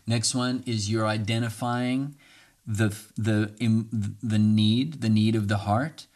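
A man's voice: on the low side, steady tone, takes it slowly, darkish tone. A man hosting a podcast in a casual, earnest, coaching way, repeating phrases for listeners to say along. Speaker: podcast host. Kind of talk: casual podcast talk on communication.

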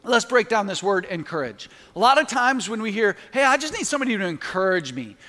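Man, pastor, high voice, earnest sermon, emphatic peaks, reverberant hall. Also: sing-song, a little fast, pushed and bright. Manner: earnest, building to emphatic peaks, prays aloud mid-talk.

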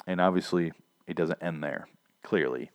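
A man's voice: deep voice, moderate pace, dry recording. A man casually recapping a TV episode, rambling and profane, laughing at his own asides.

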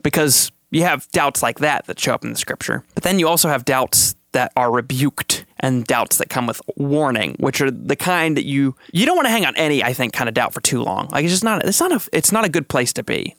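A man's voice: big pitch swings, moderate pace, hardly any pauses, fairly bright tone, dry recording, studio quality. A man co-hosting a casual podcast about faith, talking in an earnest, reflective way and acting out quotes. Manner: earnest, reflective, acts out quotes with shifting pitch. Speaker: podcast co-host.

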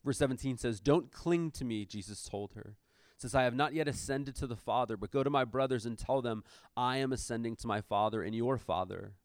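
A man's voice: mid-range voice, brisk, dry recording, clean studio sound. A man preaching a conversational sermon, reading scripture aloud and stopping to explain it with casual asides and fillers. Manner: shifts between reading aloud and lively commentary. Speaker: pastor.

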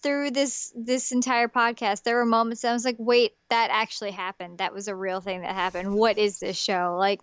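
A woman's voice: mid-range voice, level tone, normal speed, hardly any pauses, a bit bright, clear, resonant tone, no room sound. A young woman co-hosting a podcast, chatting casually with many fillers and restarts. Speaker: podcast co-host. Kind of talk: casual chat.

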